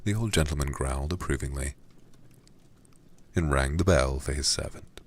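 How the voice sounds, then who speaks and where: A man streamer reading a classic novel aloud in a hushed whispered role-play style. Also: extremely low pitch, normal speed, breathy edge.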